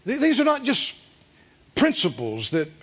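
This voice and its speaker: Man, preaching, very high voice, widely swinging pitch, call-and-response, muffled sermon recording. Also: a little slow, breathy edge. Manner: animated preaching with call-and-response questions to the congregation; acts out quoted voices with big swings in pitch and loudness. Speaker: pastor.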